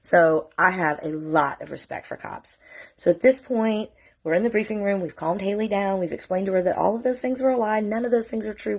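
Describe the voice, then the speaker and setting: A woman's voice: mid-range voice, moderate pace, creaky, darkish tone. A middle-aged woman, telling a personal story to camera in a candid, emotional, profane way. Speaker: mother telling her story.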